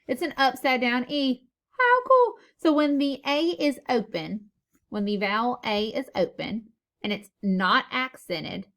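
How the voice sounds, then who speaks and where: A woman teacher recording a phonics lesson for young children, playful and sing-song, repeating words for emphasis, on a camera mic. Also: mid-range voice.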